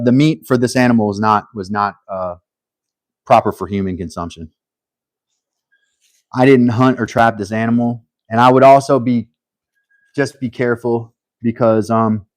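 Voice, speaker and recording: A man hosting a casual live stream, thinking aloud while he works, humble and a little halting, with frequent restarts. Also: medium pitch, a little mellow, no echo.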